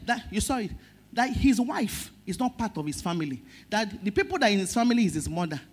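A middle-aged woman pastor with a Nigerian accent preaches an emotional sermon, swinging between loud emphasis and soft words. Her voice is medium-pitched, sing-song and slightly rough, and she speaks briskly.

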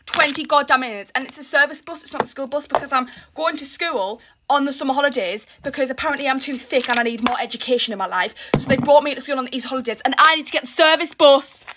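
Teen beauty vlogger, high and exasperated, recorded over steady cricket background noise. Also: female voice. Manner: rushed, exasperated, chatty. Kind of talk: casual get-ready-with-me chat. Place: home, indoors. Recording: noisy room with background cricket sounds. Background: cricket sounds from a smart speaker.

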